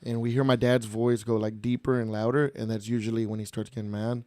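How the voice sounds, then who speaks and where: A young adult man from Texas, a podcast guest, casually telling animated stories and slipping in Spanish phrases. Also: mid-range voice, brisk, dry recording, clean studio sound. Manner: animated, laughing storyteller mixing in Spanish phrases. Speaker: podcast guest, mariachi musician. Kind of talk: casual storytelling chat.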